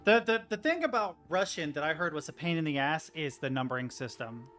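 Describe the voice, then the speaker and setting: A man's voice: fairly high pitch, expressive, brisk, bright, forceful tone, soft background music. A man streaming a video game, chatting casually and rambling as he plays. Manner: chatty, rambling, laughs easily. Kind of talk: casual gameplay commentary.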